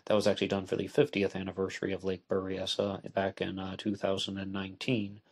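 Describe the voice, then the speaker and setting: Low-voiced man hosting a podcast. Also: completely flat delivery. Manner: measured, deliberate, spells out letters. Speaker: podcast host. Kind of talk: solo podcast book discussion.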